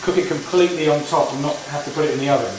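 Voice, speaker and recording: A man's voice: a little high, steady tone, racing, background noise. A man, casually talking through a home cooking demonstration in a chatty, rambling way. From England. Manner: chatty, rambling, with frequent restarts. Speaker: home cook host. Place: home kitchen. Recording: echoey kitchen, distant mic, frying sizzle.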